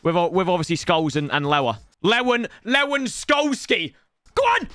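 A young man commentating live on his football video game, excitable and jokey, often shouting at the play. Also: high-pitched, moderate pace, dry recording, faint music behind. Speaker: gaming streamer.

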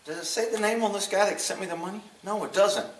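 A man's voice: high-pitched, quick pace, far from the mic. A man opening gifts on camera, muttering to himself and swearing freely as he goes. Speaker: channel host opening gifts. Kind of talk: casual unboxing chat. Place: room at home with a table. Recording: echoey room, voice off-mic, faint noise.

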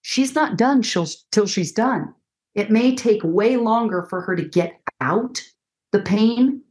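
A woman's voice: fairly high pitch, slow pace, darkish tone, husky. A middle-aged woman counselor teaching conversationally as a podcast guest, acting out quoted dialogue in shifting voices.

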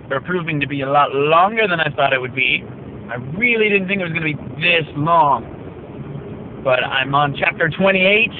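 A man's voice: a little high, slight background noise. A man talking casually to his viewers while driving, rambling and joking at his own expense, his voice a little worn. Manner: rambling, self-mocking, jokey asides. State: slightly worn voice. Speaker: vlogger. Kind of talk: casual vlog monologue. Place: inside a car while driving. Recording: tinny phone-like car recording.

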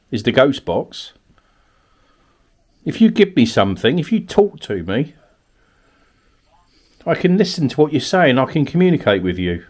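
A man's voice: mid-range voice, darkish tone, husky. A man from Kent, a paranormal investigator in an abandoned cottage at night, calling out politely to spirits and coaxing them to answer. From Kent, England. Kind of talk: ghost-hunting narration.

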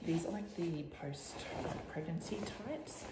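A woman's voice: lowish voice, moderate pace, creaky, very noisy. A young woman, chatting casually to camera as a first-time mum vlogger at home, rambling and often dropping to a whisper. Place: home, indoors. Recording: echoey room, faint ambience.

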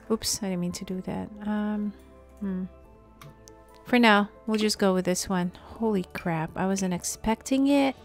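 Woman, casual game commentary, unhurried pace, excitable asides to viewers, mid-pitched voice. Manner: excitable, many fillers, talks to viewers. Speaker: gaming video host.

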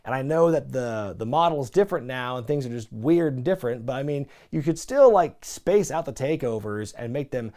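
A man's voice: medium pitch, expressive, brisk, hardly any pauses, a little mellow. A man casually recapping weekly wrestling shows, chatty and opinionated, with lots of fillers. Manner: chatty, frequent "like" and "you know" fillers; opinionated, asks viewers for predictions. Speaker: wrestling show reviewer.

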